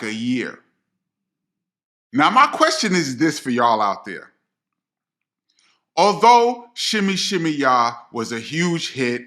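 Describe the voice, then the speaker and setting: A middle-aged man, a DJ telling a personal story straight to his viewers in a slangy, animated way. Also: a little high. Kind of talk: storytelling to camera.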